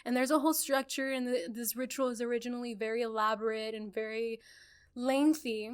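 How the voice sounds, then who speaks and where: A woman chats on a podcast, her voice pitched a little high and very smooth and clear. She tells stories in an animated way, acting out what people said and laughing often. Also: a little fast. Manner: animated storyteller, acts out quotes, laughs often. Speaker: podcast co-host. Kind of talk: casual podcast chat.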